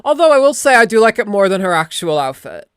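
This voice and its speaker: A woman's voice: mid-range voice, sing-song, fast, smooth, dry recording. A young woman live-streaming in a loose, rambling chat, cursing offhand as she talks. Her voice sits mid-range and comes through a close microphone with a dry, dead sound and no room around it. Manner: rambling, chatty, swears casually. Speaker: VTuber streamer.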